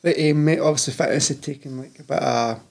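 A man's voice: medium pitch, fairly even intonation, fast talker, vocal fry, a little mellow. A Scottish man in his thirties, a personal trainer talking candidly as a podcast guest, swearing freely and calling the host "mate" constantly. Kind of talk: casual podcast chat.

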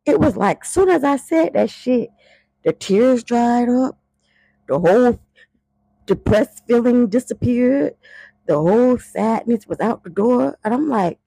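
A woman's voice: a little high, a little slow, creaky, husky, dry recording. A woman, talking in a blunt, profane, casual monologue as a podcast host. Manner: blunt and profane, heated and animated when worked up.

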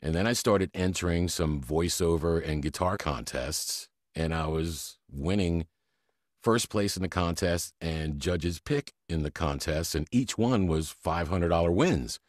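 Very deep-voiced male voice actor. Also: measured pace, dry recording, clean studio sound. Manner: animated storyteller, laughs often. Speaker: voice actor guest. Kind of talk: casual interview chat.

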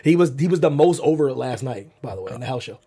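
A man's voice: medium pitch, animated, fast, dark tone, a little hiss or hum. A man co-hosting a wrestling after-show in casual chat, enthusiastic and slangy, laughing often. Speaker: co-host.

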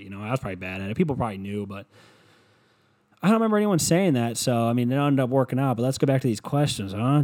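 A young man with a slightly low voice tells a rambling story in casual, foul-mouthed fashion. He mocks himself and keeps it loose and conversational throughout. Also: a little mellow. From Ohio, USA. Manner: profane, rambling, self-mocking.

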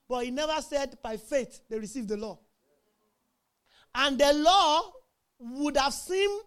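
High-voiced guy preaching, punchy, keeps asking the crowd stuff and laughing. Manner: emphatic, call-and-response, laughs often. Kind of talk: sermon.

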